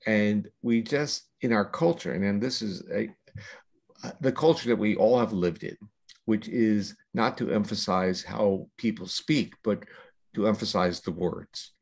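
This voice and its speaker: An older man, a scientist guest on an interview podcast, explaining ideas in a measured, lecturing way with long explanations. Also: fairly low pitch, gravelly, darkish tone.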